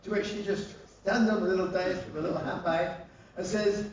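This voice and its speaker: A man's voice: high-pitched, steady tone, brisk, a little hiss or hum. A man, a rock singer, telling comic anecdotes live on stage with lots of swearing. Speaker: rock singer giving a spoken-word show. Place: live concert venue. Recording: roomy live hall, distant and dull.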